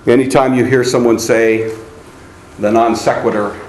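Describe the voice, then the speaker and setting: A man's voice: mid-range voice, normal speed. A man lecturing a class, calling on students by name and now and then mocking the ideas he quotes. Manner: animated, calls on students by name; mocking singsong when quoting shallow hymns. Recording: echoey classroom with faint ambient noise.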